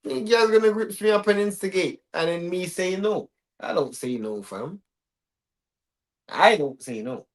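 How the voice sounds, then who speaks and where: A young man, co-hosting a live stream and chatting in relaxed, slang-heavy banter. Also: high-pitched, normal speed. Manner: laid-back slang-heavy talk, switches into patois. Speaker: co-host of a live watch-along stream. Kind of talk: casual banter.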